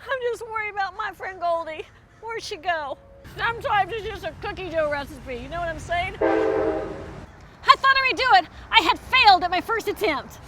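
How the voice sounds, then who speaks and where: A woman's voice: very high voice, animated, a little fast. A woman hosting a comedic cooking show, talking in a theatrical, melodramatic way that swings into rants. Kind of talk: mock-dramatic comedy cooking monologue.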